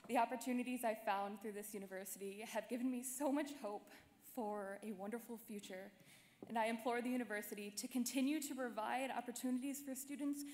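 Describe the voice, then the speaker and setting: A woman's voice: a little high, fairly even intonation, a little fast, a little mellow. Earnest young woman in a reverberant hall. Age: young adult. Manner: upbeat, earnest thanks ending in a plea. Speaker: graduating student. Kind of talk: short graduation speech. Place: large hall at a ceremony. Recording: reverberant hall, faint noise.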